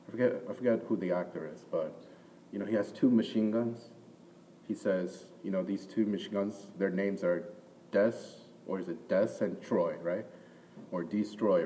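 A man preaching a sermon in a conversational way, often checking in with the audience with a quick "right?". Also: lowish voice, mellow, slight background noise. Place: church hall with an audience. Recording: distant mic in a reverberant hall.

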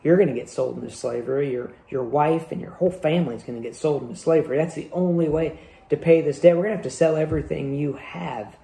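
Brisk, stern parable king, put on by a male preacher; mellow, gravelly, roomy sound. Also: a little high. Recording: echoey room.

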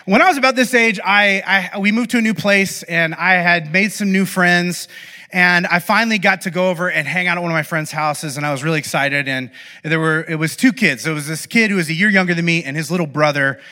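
High-voiced, bright man preaching with humor. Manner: animated, self-deprecating, fast asides to the audience. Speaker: pastor. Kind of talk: humorous storytelling sermon. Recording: live sermon in a reverberant hall.

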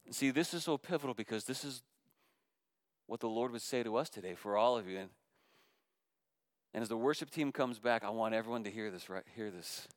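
A man, a middle-aged pastor, preaching a sermon that moves between loud impassioned calls and soft, hushed appeals. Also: mid-range voice, fairly quick, pauses often, no room sound, studio quality.

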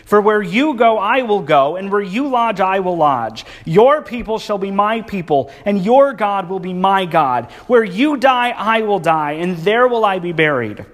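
An earnest, determined young widow pleads her loyalty, voiced by a man. The voice sits high and rings with long hall reverb. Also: lively intonation, a little slow, hardly any pauses.

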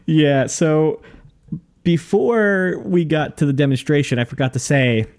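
A man's voice: on the high side, a little mellow. A man hosting a podcast, recapping an episode casually with crude jokes. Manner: joking, crude, quick recaps. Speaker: podcast host. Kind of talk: casual chat.

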